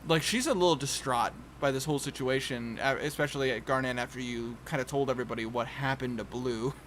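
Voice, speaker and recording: A man's voice: mid-range voice, fast, a bit bright, a little hiss or hum. A man running a tabletop game over voice chat, casual and chatty, laughing often and restarting his sentences. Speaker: game master.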